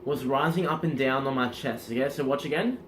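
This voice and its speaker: A man coaching in casual instructional talk, energetic and demonstrative, often checking in with the listener. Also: mid-range voice, a little fast, a little hiss or hum. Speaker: self-improvement coach.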